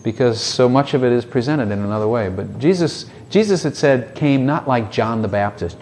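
A man's voice: medium pitch, lively intonation, moderate pace, few pauses, darkish tone, slight background noise. A man preaching a sermon in a conversational way, with many rhetorical questions and short mocking voices.

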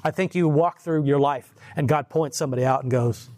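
A man's voice: on the high side, steady tone, moderate pace, darkish tone. A man giving an informal sermon, telling stories in a conversational way, with chuckles and frequent restarts. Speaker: lay preacher.

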